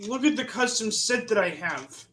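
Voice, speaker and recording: High-voiced man talking in halting bits. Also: animated, a crowd in the background, low-quality recording. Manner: halting, breaks off and restarts his sentences. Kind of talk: casual chat.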